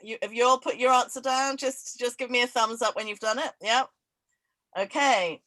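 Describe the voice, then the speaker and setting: A woman hosting an online quiz over a video call, laughing often and reading each question twice, slowly. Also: a little high, fairly bright tone, no room sound, low-quality recording. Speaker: event host running a quiz. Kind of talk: casual online event chat.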